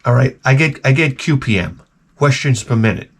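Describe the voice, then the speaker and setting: Animated, swearing man on a rambling rant. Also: mid-range voice, normal speed, breathy edge. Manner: animated, profane, stammering restarts. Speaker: retro game channel host.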